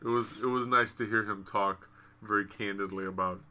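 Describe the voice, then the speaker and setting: A man co-hosting a podcast, telling stories in loose, profane casual chat with animated quoted asides. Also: fairly low pitch, brisk. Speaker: podcast co-host. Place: home studio with wrestling on TV behind. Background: faint TV ambience.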